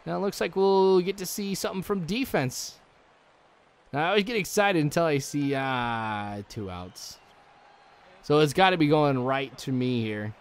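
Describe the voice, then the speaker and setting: A man's voice: a little high, lively intonation, normal speed, clean tone. A young man giving rambling, chatty let's-play commentary, full of likes and ums, chuckling now and then. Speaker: gaming channel host.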